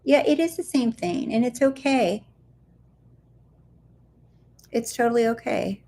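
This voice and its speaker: A woman law of attraction coach chats on a live stream, answering viewer questions playfully and goofily and constantly checking in with "like" and "do you see?". Her voice is on the high side, animated and unhurried, mellow with vocal fry.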